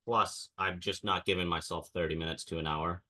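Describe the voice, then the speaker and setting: Deep, bright-toned man ranting. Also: fairly even intonation, a little fast. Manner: ranting storyteller, mimics people he quotes. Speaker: podcast co-host. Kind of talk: casual chat.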